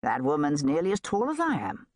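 A woman's voice: deep voice, wildly swooping pitch, brisk, a little mellow, dry recording, clean studio sound, heavily acted. A woman reading aloud, voicing a grave, courteous young army officer.

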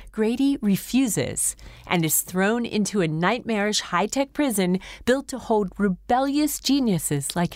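A woman host introducing a book in clear, scripted tones. Her pitch moves with lively variation. The recording is close and dry. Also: no echo. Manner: clear, announcing. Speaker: podcast host.

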